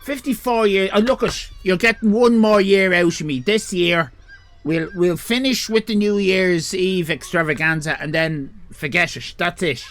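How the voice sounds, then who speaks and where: An Irish man in his fifties hosting a comic livestream, rambling crudely with sudden shouted bursts. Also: sits high, moderate pace. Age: 50s. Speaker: comedy livestream host. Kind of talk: improvised comic monologue.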